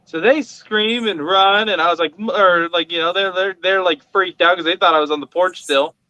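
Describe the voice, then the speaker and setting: A man's voice: high voice, fairly quick, clean tone, dry recording, rough recording. A man in his thirties on a podcast, telling a family anecdote in casual chat and acting out the voices in it. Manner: animated, acts out voices in anecdotes.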